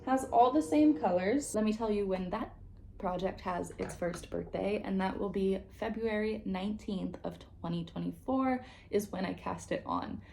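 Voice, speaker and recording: A woman's voice: medium pitch, normal speed, creaky, warm tone, a little hiss or hum. A woman vlogger chatting casually to her viewers about her crafting projects, with a groggy morning voice, having just woken up. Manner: chatty and self-aware, addresses viewers directly. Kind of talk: casual vlog chat.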